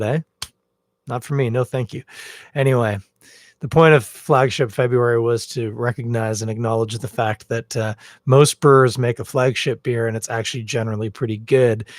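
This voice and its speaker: Wearing a bathrobe, a podcast host streams live from his home, rambling and poking fun at himself. Using cabled headphones and a phone camera, his mid-range voice comes through clean, studio-quality and echo-free.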